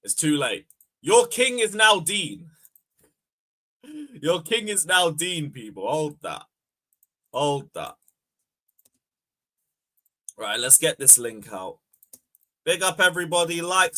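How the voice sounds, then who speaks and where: A young man hosting a fan livestream, bantering loudly, swearing and taunting viewers. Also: on the high side, big pitch swings, slow, long pauses. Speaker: fan channel host. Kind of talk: casual livestream chat.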